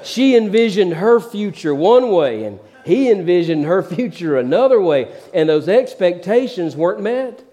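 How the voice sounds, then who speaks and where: A middle-aged male pastor preaching a sermon, telling stories in a folksy, animated preachy manner and repeating words as he builds. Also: high-pitched, normal speed, hardly any pauses. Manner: preachy storytelling, repeats words when excited.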